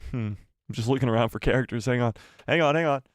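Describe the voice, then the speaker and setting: A man hosting a live stream, chatting casually and excitedly with his viewers and jumping between topics. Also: medium pitch, quick pace, clear, resonant tone, no echo, clean studio sound.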